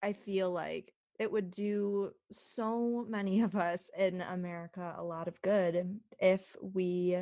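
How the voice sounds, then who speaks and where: A woman hosting a podcast interview, talking in a slow, thoughtful, agreeable way. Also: on the low side, fairly even intonation, mellow, dry recording. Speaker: podcast host. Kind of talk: casual interview.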